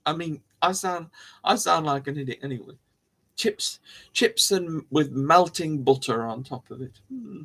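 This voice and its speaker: A man's voice: a little high, moderate pace, fairly bright tone, husky. A man hosting a live stream, rambling and musing aloud to his viewers in casual chat, coughing now and then.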